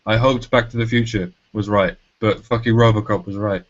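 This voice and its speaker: A man's voice: on the low side, fairly even intonation, normal speed. A man co-hosting a podcast, ranting sarcastically and swearing. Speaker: podcast co-host. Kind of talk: sarcastic rant. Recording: dull lo-fi audio.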